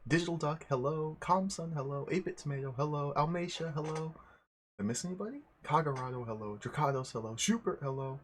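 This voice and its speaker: A man's voice: on the high side, brisk, a little hiss or hum. A young man hosting a livestream, chatting casually, greeting viewers one by one and often rambling and correcting himself. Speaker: livestream host.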